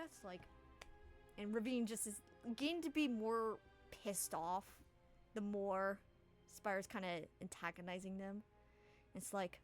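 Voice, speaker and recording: A woman narrating a tabletop game as game master, casual and quick to laugh at herself. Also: mid-range voice, faint music behind. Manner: laughing, self-deprecating, casual.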